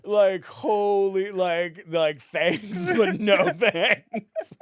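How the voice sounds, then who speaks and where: A man's voice: sits high, lively intonation, very slow, no room sound, studio quality. A man from Canada, telling stories as a guest on a podcast and acting out other people's voices as he goes. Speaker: guest, actor. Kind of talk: casual storytelling in a podcast interview.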